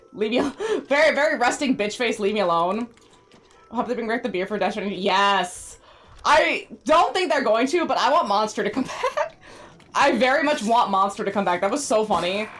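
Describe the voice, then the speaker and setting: A woman's voice: fairly high pitch, a bit bright. A woman streamer chatting casually while she plays, rambling and talking sweetly to her pets. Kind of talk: casual live-stream chat while gaming.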